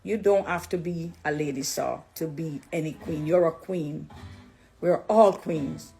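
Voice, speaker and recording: A woman's voice: low voice, unhurried, creaky. A middle-aged Jamaican woman talking straight to her viewers, preachy and affectionate, slipping between English and patois. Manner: warm, preachy, switching into patois. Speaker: dancehall artist turned Christian. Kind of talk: direct address live video.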